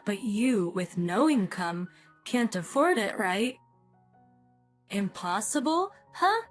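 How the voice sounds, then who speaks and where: A woman voicing a bossy young daughter-in-law who mocks and makes demands. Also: on the high side. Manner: mocking, demanding.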